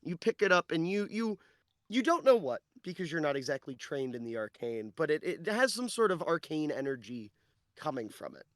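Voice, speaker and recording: Male game master, slightly high voice, dry close mic, descriptive narration. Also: big pitch swings, no room sound. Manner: descriptive, slowing for dramatic narration.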